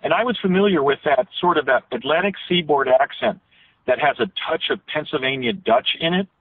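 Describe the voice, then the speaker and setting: A man's voice: a little high, lively intonation, a little fast, no echo. Man talking over a tinny phone line. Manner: detailed storytelling with frequent self-corrections. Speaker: interview guest. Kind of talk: phone interview.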